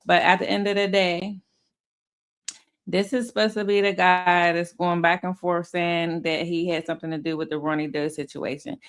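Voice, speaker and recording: A woman's voice: fairly low pitch, little pitch movement, moderate pace, smooth. A woman hosting casual commentary, blunt and profane, often laughing. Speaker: commentary host.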